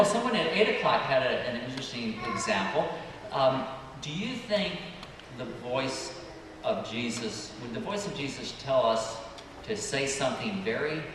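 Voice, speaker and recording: Man, priest, children's sermon, gentle questions, animated pitch, echoey church from far off, steady background noise. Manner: asks children questions and waits for their answers. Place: church sanctuary. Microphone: distant room mic.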